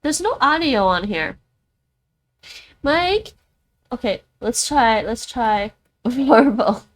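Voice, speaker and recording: A woman's voice: on the high side, expressive, slow pace, slight background noise. A woman whose first language is Dutch, chatting casually on a livestream as she practices words aloud and thinks through them. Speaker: streamer learning languages.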